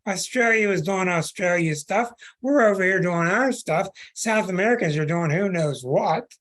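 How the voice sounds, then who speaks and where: A man's voice: high-pitched, normal speed, fairly bright tone. A man hosting an astrology show, talking in an earnest, preaching monologue, stretching words for emphasis and restarting phrases. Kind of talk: podcast monologue.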